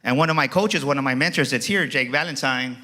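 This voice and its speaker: A man giving a motivational keynote speech to a live audience, energetic and acting out dialogue in changing voices. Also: mid-range voice, fast. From Texas. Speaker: motivational speaker. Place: auditorium.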